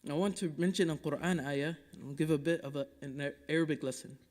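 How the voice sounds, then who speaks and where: Male imam from Dallas, high voice, impassioned Friday sermon with quick Arabic recitation, long mosque-hall reverb. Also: steady tone. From Dallas, Texas. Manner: impassioned, rhetorical, swinging between loud urging and hushed asides; recites Quranic Arabic quickly between English explanation.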